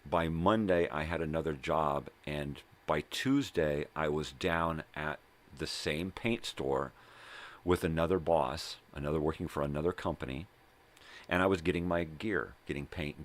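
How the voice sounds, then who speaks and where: Very deep-voiced older man, profane storyteller. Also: normal speed. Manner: profane, rambling, keeps adding "right?" and "you know?". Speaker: vlog host. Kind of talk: casual personal storytelling monologue. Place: at home.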